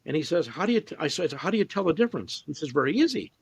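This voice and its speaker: A man with a gravelly, husky voice and a fairly high pitch, answering an interviewer's questions at length. He tells stories and slips into quotes from people he met along the way. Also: sing-song, rapid-fire. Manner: storytelling, quoting others in voices. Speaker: interview guest, researcher. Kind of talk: casual conversational interview.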